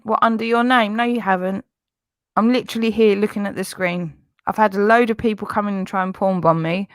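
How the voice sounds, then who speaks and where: A woman's voice: medium pitch, steady tone, a little fast, clean tone, dry recording, studio quality. A woman hosting a live stream, talking insistently and with exasperation. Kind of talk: heated live stream confrontation.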